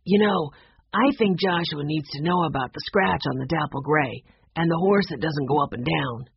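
A calm, sensible older brother from a storybook, as the reader voices him, steady and matter-of-fact. His voice is husky and breathy, and the recording is muffled and lo-fi. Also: medium pitch, normal speed, dry recording.

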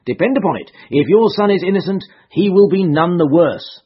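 A shrewd, smug detective, as a male narrator puts him on, eager and knowing, his raised voice jumping about as he tells his tale. The sound is husky and breathy on a dull, lo-fi storybook recording. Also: high-pitched, lively intonation, fairly quick, voice pushed up. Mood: firm. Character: shrewd, self-satisfied male police detective.

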